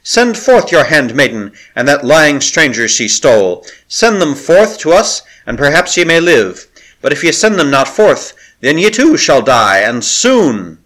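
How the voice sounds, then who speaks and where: Audiobook: scornful priestess queen, raised pitch, commanding, read by a man. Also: very animated, measured pace. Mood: threatening. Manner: commanding, jeering, loud. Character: cruel haughty priestess woman, mocking. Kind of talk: audiobook character reading.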